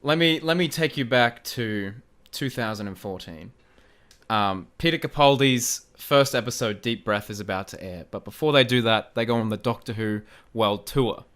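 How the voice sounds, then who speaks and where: A young man with an Australian accent, telling a story in an excitable casual podcast chat, often laughing and repeating himself. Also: medium pitch, normal speed. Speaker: guest, fan video creator.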